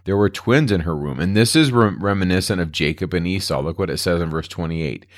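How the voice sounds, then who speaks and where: A deep-voiced man teaches a Bible lesson in a relaxed, conversational way. He retells the old text in everyday modern phrasing, as if talking to a class. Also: a little fast. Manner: conversational, retells scripture in plain modern words. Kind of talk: casual Bible study lecture.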